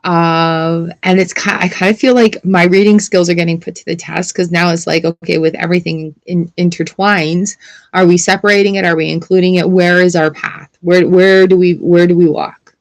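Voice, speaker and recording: A woman's voice: on the low side, fairly even intonation, normal speed, no room sound. A woman tarot reader chatting casually on a livestream, rambling and laughing often as she pulls cards. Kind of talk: casual livestream chat while reading cards.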